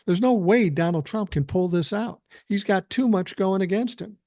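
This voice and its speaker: A man's voice: high voice, moderate pace, warm tone, no room sound, clean studio sound. An older man hosting a live stream from his living room, ranting bluntly with plenty of profanity. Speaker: podcast host doing a live stream. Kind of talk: casual live-stream rant.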